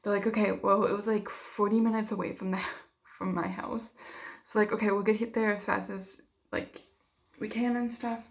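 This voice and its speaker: A woman's voice: mid-range voice, little pitch movement, moderate pace, creaky. A young woman vlogging, telling a personal story in a heated, casual way with lots of swearing and filler words.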